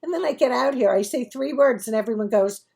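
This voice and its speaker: New york lady vlogging from home, warm raspy voice, rambly and jokey about herself. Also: on the high side, lively intonation, fairly quick. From Brooklyn, New York. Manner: chatty, digressive, self-mocking asides. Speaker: YouTube host. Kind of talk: casual storytelling to camera.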